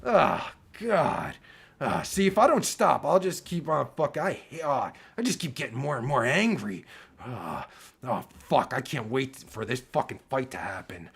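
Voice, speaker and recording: A man in his forties rants with a gravelly, fry-laden voice that swings widely in pitch. He rambles and swears constantly, cutting himself off and restarting. His voice sounds worn, like he is losing it. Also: very animated, unhurried, fairly bright tone. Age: 40s. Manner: loose, rambling, heavy swearing, keeps breaking off mid-sentence. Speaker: online video creator. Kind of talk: profane rant to camera.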